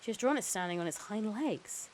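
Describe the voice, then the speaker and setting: A woman reading the lines of a calm, careful male hospital doctor who explains things in a measured way. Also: mid-range voice, a little hiss or hum, pitched above the performer's own voice, natural voice, poor audio. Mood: calm explaining.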